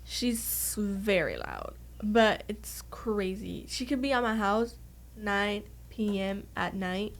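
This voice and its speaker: A woman's voice: mid-range voice, animated, slow pace. A woman in a casual group chat, telling playful family stories. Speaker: student or staff member.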